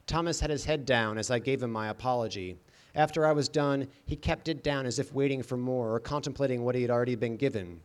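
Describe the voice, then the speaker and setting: Deadpan male audiobook narrator. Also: mid-range voice, fast. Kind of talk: scripted first-person narration.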